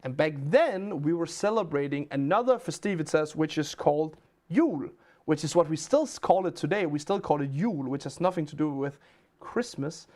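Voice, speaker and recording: A man's voice: fairly high pitch, animated, normal speed, darkish tone. A man from Denmark with a Danish accent, a livestream host telling rambling stories and answering chat questions in casual chat.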